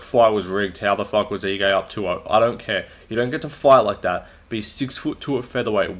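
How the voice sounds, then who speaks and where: A young man with a somewhat low voice talks through fight results on his own. He is blunt and profane, and he mocks the fighters he dislikes in a loose, off-the-cuff way. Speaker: MMA commentator and channel host. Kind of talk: casual solo fight recap.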